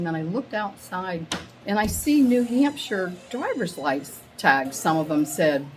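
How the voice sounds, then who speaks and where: A middle-aged woman telling a rambling, excitable story to a small live group, acting out the quotes with big jumps in her voice. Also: lowish voice, slight background noise, poor audio. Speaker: meetup attendee sharing a story. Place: women's meetup gathering, audience laughing.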